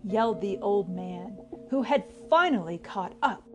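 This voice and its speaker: A woman hosting a children's podcast, reading a storybook aloud in a cheerful, animated way. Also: medium pitch, a little slow, soft background music.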